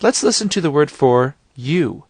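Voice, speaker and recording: A man narrating a language course from a script, giving calm, clear instructions and prompting the listener to repeat. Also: a little high, moderate pace, no room sound.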